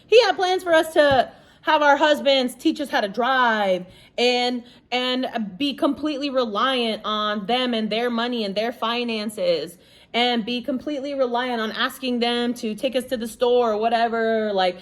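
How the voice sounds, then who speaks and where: Blunt, high-voiced woman ranting casually. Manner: blunt, emphatic and heavy on swearing; conversational, with lots of "like" and "you know". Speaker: podcast host. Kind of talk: casual monologue.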